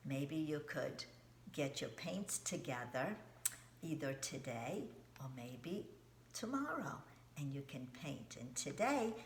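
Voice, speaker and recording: A middle-aged woman teaches young children about art in a gentle, coaxing way, often pausing to ask them questions. Her voice sits low and she speaks slowly and plainly. She is recorded in an echoey room with a faint hiss behind her. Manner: slow, simple, coaxing teacher talk with questions to kids.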